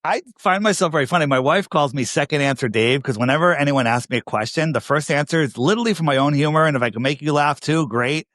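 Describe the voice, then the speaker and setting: A man's voice: a little high, fast, hardly any pauses, fairly bright tone, no room sound, clean studio sound. A man with a New York accent, a podcast guest talking emphatically, repeating himself and firing rhetorical questions. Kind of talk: casual interview talk.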